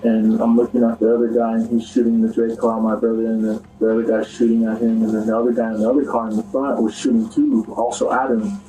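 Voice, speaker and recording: A young man shakily recounting a traumatic event in an interview, halting and restarting often. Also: on the low side, monotone, warm tone, slight background noise, rough recording. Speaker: interview subject.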